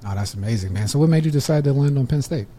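A man's voice: mid-range voice, racing, slight background noise. Laid-back man hosting a chat. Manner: relaxed, laughs along, short agreeing replies. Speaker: interview host. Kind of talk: casual conversational interview.

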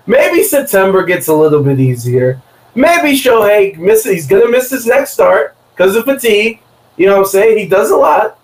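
A man on a casual sports podcast with a notably high voice for a man. He talks in a playful, teasing way, cracking jokes at his co-host. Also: very animated, normal speed, roomy sound, rough recording. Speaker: podcast guest.

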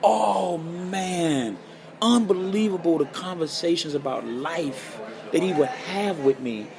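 A man's voice: on the high side, slow pace, vocal fry. A man telling stories in a podcast interview, acting out the voices of the people he quotes. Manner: animated storyteller, acts out quoted voices. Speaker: guest guitarist.

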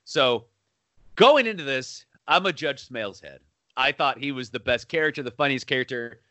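Bright-voiced, laughing movie fan. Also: male voice, medium pitch, lively intonation, normal speed, no echo. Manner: enthusiastic, laughs often while quoting lines. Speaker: podcast co-host. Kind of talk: casual movie chat.

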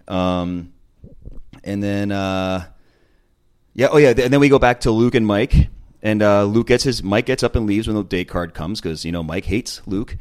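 A man's voice: lowish voice, normal speed, darkish tone, smooth. A man talking casually, recapping a reality dating show with chatty, opinionated asides and frequent ums. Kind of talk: casual chat.

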